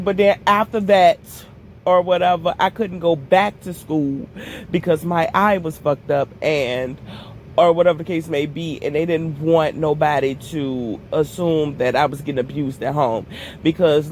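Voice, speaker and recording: A woman telling a casual storytime vlog while walking, animated and profane, often calling her viewers "y'all". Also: low-pitched, slight background noise. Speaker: storytime vlogger.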